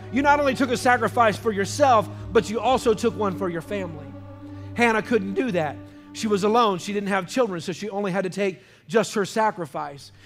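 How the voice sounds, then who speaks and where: A high-voiced male pastor delivers an emphatic sermon in a church, calling out questions to the congregation. Faint music sits beneath his voice. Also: fairly bright tone.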